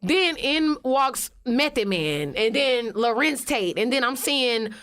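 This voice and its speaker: A woman with an Atlanta accent, an interview guest telling stories in animated, profane, slangy casual talk. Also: on the high side, takes it slowly. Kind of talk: casual storytelling.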